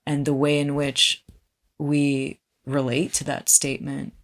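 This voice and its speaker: Low-voiced young woman, measured. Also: completely flat delivery. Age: young adult. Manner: measured, searching, analytical. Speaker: artist, podcast guest. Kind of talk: reflective casual conversation.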